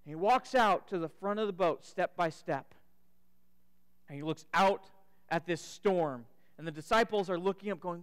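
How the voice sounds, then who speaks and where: A man preaching in a church sanctuary, his voice high and smooth. He tells the story dramatically and sometimes sinks to a hush. The long reverb of the hall trails behind each phrase. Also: moderate pace. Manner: dramatic retelling, dropping to a hush for the climax. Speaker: pastor. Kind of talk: sermon storytelling.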